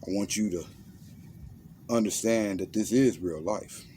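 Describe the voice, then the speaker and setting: A man's voice: on the low side, measured pace, warm tone, slight background noise. A man giving a blunt, intense monologue that guides the listener through a visualization, using slang and commands. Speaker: motivational self-defense speaker.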